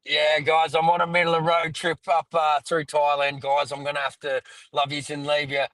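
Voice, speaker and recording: A man's voice: a little high, monotone, normal speed, fairly bright tone, no echo, poor audio. A man joining remotely and saying goodbye in a friendly, apologetic way. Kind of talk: casual sign-off.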